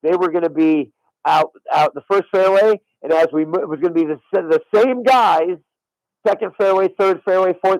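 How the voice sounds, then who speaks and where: Man, middle-aged, lively storyteller, dry close studio sound. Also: sits high, dry recording, poor audio. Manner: animated storyteller who swears on his daughter's life. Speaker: former caddie telling a story. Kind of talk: radio interview storytelling. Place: radio studio.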